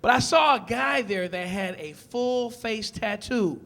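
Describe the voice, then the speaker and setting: A man from Detroit doing a stand-up comedy set on a club stage, with a loud, punchy delivery that acts out characters. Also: sits high, expressive, measured pace.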